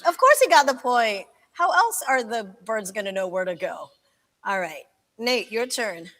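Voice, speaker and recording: A woman hosting a live radio game show, upbeat and quick to laugh. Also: a little high, sing-song, fairly bright tone. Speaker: radio host.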